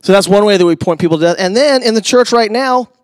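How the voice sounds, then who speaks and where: A middle-aged male pastor delivering a sermon in a fairly high voice. He talks conversationally, with asides to the congregation, and drops from loud emphasis into hushed near-whispers. The sound is dry and close, with little room echo. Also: quick pace, clean tone.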